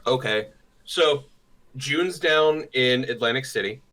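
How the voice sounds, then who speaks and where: A young man in a casual podcast chat, telling a crude story in an animated way and acting out the people in it. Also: medium pitch, takes it slowly, low-quality recording. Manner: crude, animated, acts out quotes. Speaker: podcast co-host.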